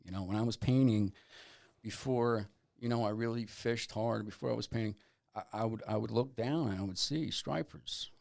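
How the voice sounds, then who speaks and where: A man, an artist and angler being interviewed, talking in a relaxed, laid-back way with lots of "you know". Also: mid-range voice, normal speed, creaky. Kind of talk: casual interview.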